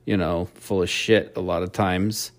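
A man's voice: deep voice, fairly even intonation, a little slow. A man hosting a solo opinion podcast, ranting in a blunt, profane way. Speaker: podcast host.

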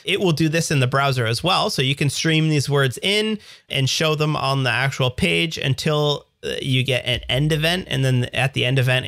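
Gravelly Canadian man chatting. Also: medium pitch, a bit bright, no echo, studio quality. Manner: upbeat, jokey, explains with examples. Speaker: podcast co-host. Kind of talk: casual tech chat.

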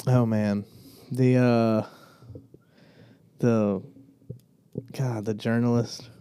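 A young man with a Southern US accent chats casually with a friend in an unhurried drawl. His voice is mellow and warm, and the sound is dry and close to the mic. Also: medium pitch, flat delivery, clear, resonant tone, dry recording. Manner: laid-back, drawling, puts on a jokey Irish accent at times. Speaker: podcast co-host. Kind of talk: casual chat.

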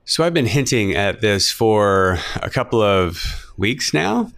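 Low-voiced male podcast host. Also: big pitch swings, vocal fry, fairly bright tone, faint music behind. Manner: halting, lots of fillers. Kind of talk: casual commentary.

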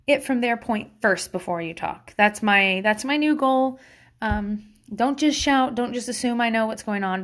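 A woman with a medium-pitched, somewhat bright voice plays a mother dispensing parenting advice. She rambles casually on her own, speaking bluntly, cursing freely, laughing, and straying into side topics.

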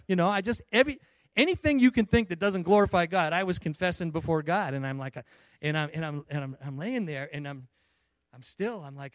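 Guy telling his church testimony, kinda high voice, keeps restarting, acts out the dialogue. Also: animated, fairly quick, no room sound. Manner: emotional storytelling, many restarts, acts out dialogue. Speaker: church member giving testimony. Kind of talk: personal testimony.

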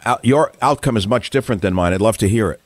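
A man's voice: on the low side, quick pace, breathy edge, no echo. A man hosting a talk radio show, musing and self-described as cynical, wandering between thoughts.

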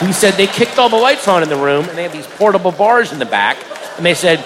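Man, stand-up storyteller, high voice, live hall echo, crowd laughing behind. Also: fast. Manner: animated, acts out voices, shouts punchlines. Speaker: stand-up comedian. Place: comedy venue before a live audience. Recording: live room with long reverb and crowd. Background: audience laughter and crowd noise.

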